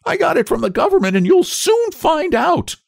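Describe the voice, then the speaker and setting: Guy putting on a squeaky furious kid-general, cracking treble, swings high all over, bossy and huffy in a storybook. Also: very animated, moderate pace, vocal fry, no echo, raised voice, studio quality, exaggerated voice. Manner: angry, blustering, desperate. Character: old man grown back into a boy, shrill and indignant.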